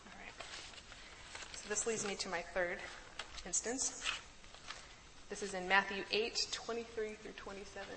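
A woman's voice: mid-range voice, in a large hall, background noise. A woman leading a conversational Bible study, chatty, laughing easily and often checking in with her listeners. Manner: chatty, laughs easily, keeps asking "right?".

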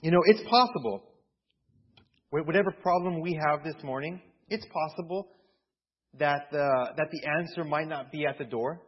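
A man preaching a sermon as a pastor, retelling a story in an animated, playful way. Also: a little high, moderate pace, husky. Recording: dull lo-fi recording.

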